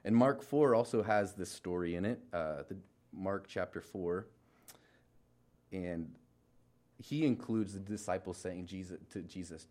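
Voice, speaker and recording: A man's voice: low-pitched, a little slow, a little mellow. Laid-back young man preaching casually. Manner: informal, filler-heavy, many restarts and trailing asides. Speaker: pastor. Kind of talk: casual conversational sermon.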